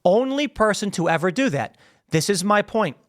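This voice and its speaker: This podcast host delivers a ranting monologue against his critics into a studio microphone. His high voice is very animated and swings up and down at a moderate pace as he mocks them, emphatically repeating phrases to drive points home.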